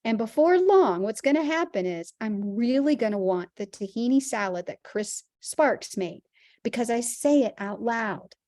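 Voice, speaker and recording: A woman's voice: fairly high pitch, expressive, normal speed, darkish tone, no echo, studio quality. A woman teaching a Christian health class, earnest and emphatic, using vivid everyday examples.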